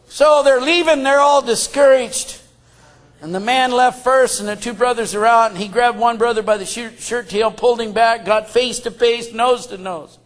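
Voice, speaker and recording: High-voiced, shouting folksy preacher. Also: male voice, moderate pace. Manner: emphatic, folksy, often shouting. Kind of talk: sermon.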